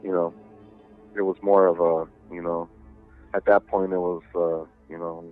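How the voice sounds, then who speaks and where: Low-voiced man telling a spooky story. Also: flat delivery, normal speed, narrow, tinny audio, faint music behind. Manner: rambling, profane, many fillers. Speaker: podcast guest. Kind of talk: casual storytelling.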